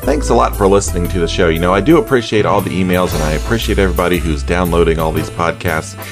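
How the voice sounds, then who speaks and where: A man hosting a pet radio podcast, talking about cats in a chatty, conversational way with asides to listeners. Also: fairly low pitch. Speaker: pet radio show host. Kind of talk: podcast talk show monologue.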